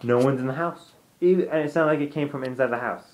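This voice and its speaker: A young man vlogging from his home, telling a ghost story in a loose, rambling way. He restarts his sentences often and acts out what people said to him. His voice sits at an ordinary middle pitch. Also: quick pace. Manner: rambling, with many restarts and "I'm like" asides. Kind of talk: casual storytelling to camera.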